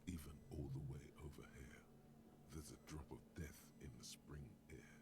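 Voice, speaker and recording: A man voicing a brooding inner narrator in a game, in a deep, growly, half-whispered voice. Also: fairly even intonation, moderate pace, darkish tone, soft background music. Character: ominous male inner narrator voice, brooding and terse.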